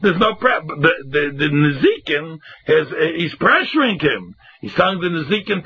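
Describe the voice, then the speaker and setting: A man's voice: a little high, normal speed, few pauses, husky, dry recording. Guy w tinged teaching gemara, singsong up and down, muffled lo-fi audio. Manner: animated, acts out both sides in a lively singsong. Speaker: Talmud teacher. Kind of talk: Talmud class lecture. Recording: dull lo-fi recording.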